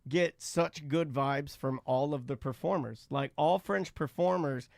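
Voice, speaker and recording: A man's voice: a little high, unhurried, vocal fry, no room sound. An American man co-hosting a live radio talk show, joking and rambling with guests. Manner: jokey, rambling, interrupts. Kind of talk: casual live radio chat. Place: radio studio.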